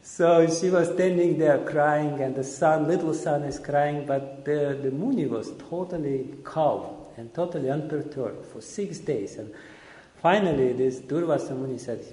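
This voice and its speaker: A man's voice: on the high side, measured pace, mellow. A man teaching a seminar, telling a story in a conversational, often chuckling way. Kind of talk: storytelling lecture. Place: lecture hall. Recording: echoey hall.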